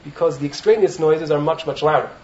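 A man with a slightly raised voice gives a lively Torah talk to students in a study hall, often checking in with them. The recording is muffled and lo-fi, with faint noise underneath. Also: fairly high pitch, quick pace. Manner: animated, keeps checking in with "right?". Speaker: rabbi teaching in a yeshiva.

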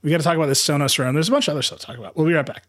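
Guy hosting a tech podcast, kinda high voice, talks fast and laughs a lot, trips over his words. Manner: fast, laughing, thinks aloud with many restarts. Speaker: podcast host. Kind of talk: casual tech news chat.

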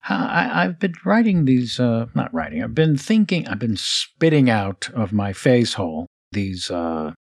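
Playful man hosting a podcast, lively pitch. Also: normal speed, vocal fry, few pauses, slightly rough. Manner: playful, self-mocking, jokey asides. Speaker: podcast host and actor. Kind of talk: casual podcast monologue reading listener mail.

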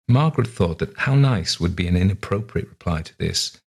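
In scripted narration of a short story, a man's very low voice carries a breathy, husky quality. He keeps his storytelling delivery even and measured.

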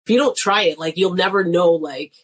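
A woman's voice: on the low side, brisk, breathy edge. A middle-aged woman comedian talking casually in an interview, chatty, often laughing and acting out quoted voices. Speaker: guest comedian.

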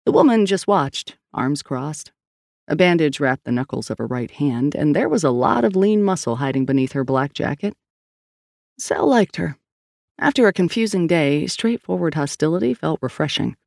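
Brief: male audiobook reader, even delivery, dry studio sound. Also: on the high side, normal speed, vocal fry, dry recording. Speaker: narrator. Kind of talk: audiobook narration.

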